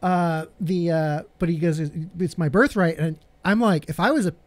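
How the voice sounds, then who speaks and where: Fairly high-voiced man in dry podcast chat. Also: normal speed, a little mellow, no echo. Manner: analytical, quotes characters in his own voice. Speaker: podcast co-host. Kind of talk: casual chat.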